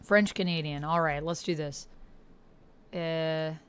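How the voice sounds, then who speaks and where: A woman's voice: deep voice, fairly even intonation, slow, a bit bright, smooth. A woman streamer chatting casually and rambling to her viewers during a livestream.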